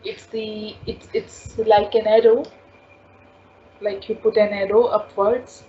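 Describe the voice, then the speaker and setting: A woman teaching French in an online class, slowly repeating sounds and explaining rules step by step. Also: mid-range voice, level tone, dark tone. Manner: slow, repetitive, spells out sounds patiently. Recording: dull lo-fi class recording with faint noise.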